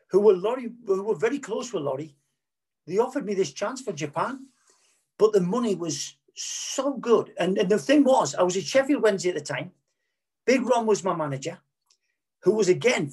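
A middle-aged former footballer with a husky voice that sits high tells rambling anecdotes candidly in an interview. He frequently corrects himself and repeats words.

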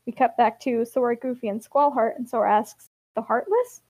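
A young woman with a high voice gives a chatty comic recap of a game's plot, wry and quick to laugh. The recording is close and dry, with no room sound. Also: steady tone, darkish tone, no room sound.

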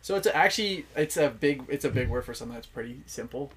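A man's voice: mid-range voice, expressive, quick pace, husky. Young man, easygoing podcast guest. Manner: laughs easily, explains with many fillers. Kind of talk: casual chat.

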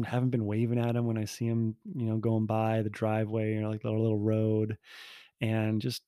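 A man's voice: medium pitch, mellow, no echo, studio quality. Rambling, candid man telling a story. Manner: rambling, self-interrupting, stammers on restarts; candid and self-mocking. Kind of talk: casual storytelling monologue.

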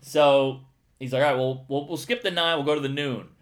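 A man animatedly telling a profane, excitable story in casual conversation, acting out his own panic. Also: mid-range voice, a little fast.

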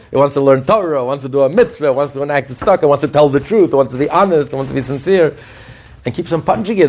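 A man giving a podcast Torah class, telling stories in an animated way with frequent restarts and chuckles. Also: on the high side, moderate pace, pauses often, slightly rough. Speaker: Torah teacher.

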